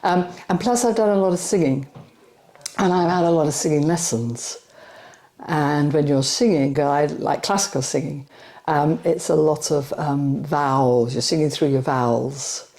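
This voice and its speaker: An older woman from West London, speaking in an interview with a softened London accent, rounded vowels and a chatty manner that breaks into laughs. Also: low voice, normal speed. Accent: London English softened by elocution lessons. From West London, England. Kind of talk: casual interview talk.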